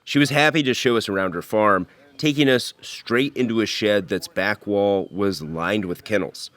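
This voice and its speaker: A man hosting a podcast, reading scripted investigative narration in a measured, earnest way. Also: lowish voice, a bit bright, dry recording. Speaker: podcast host and reporter.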